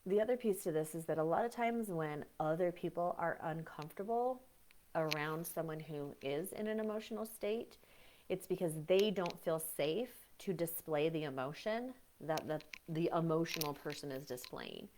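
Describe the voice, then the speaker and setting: During a live teaching session, a breathwork coach with a slightly low voice speaks at a normal speed over slight background noise. She's chatty and animated, frequently slipping into voices to act out what others say. Her talk wanders, full of fillers and restarts.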